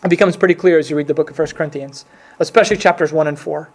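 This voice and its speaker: Guy with a pretty high voice giving a sermon, earnest and chatty, leans hard into the scripture bits. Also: fairly even intonation, very fast. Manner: earnest, conversational, with restarts and emphatic scripture reading. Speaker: pastor.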